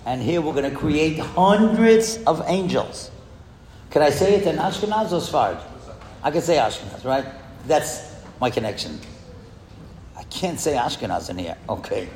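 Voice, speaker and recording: Man, storytelling speech, slightly high voice, audience questions, roomy echo, faint room noise. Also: normal speed. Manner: lively storyteller who asks the audience questions. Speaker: speaker addressing a school audience. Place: hall in a school. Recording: echoey hall with long reverb.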